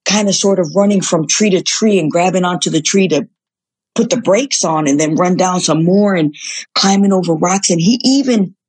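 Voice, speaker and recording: A woman guest telling a story in a casual interview, animated, swearing casually and acting out the quotes. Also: lowish voice, moderate pace, slightly rough. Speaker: guest, former reality show contestant.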